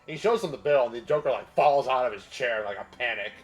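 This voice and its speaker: A young man chatting casually during a charity game marathon, retelling cartoon bits in a relaxed, amused way. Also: mid-range voice, fast. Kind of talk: casual chat.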